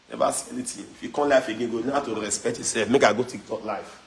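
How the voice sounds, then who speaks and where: A young Nigerian man from Edo with a local accent, talking loosely on a phone livestream, mixing in pidgin, animated and mocking with frequent laughs. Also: mid-range voice, quick pace, vocal fry, few pauses. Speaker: social media livestreamer. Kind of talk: casual livestream chat.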